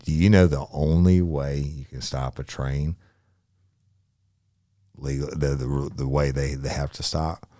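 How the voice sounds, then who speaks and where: A podcast co-host with an extremely low, rumbling voice, recorded dry and close. He speaks bluntly and folksily, interrupting to add what he knows from police work. The delivery is casual and plain-spoken. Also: fairly even intonation, unhurried, long pauses, mellow, dry recording. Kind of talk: casual chat.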